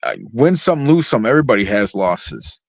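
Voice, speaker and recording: The guest artist in an interview, a man with a mid-range, sing-song voice, tells stories casually at a normal speed, swearing heavily and rambling through plenty of fillers. The recording is dry, with a slightly dull lo-fi sound and no echo.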